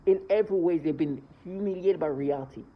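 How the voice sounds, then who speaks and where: A man's voice: on the high side, a little fast, narrow, tinny audio. A man ranting indignantly in a vlog monologue, swearing as he talks. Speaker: vlogger.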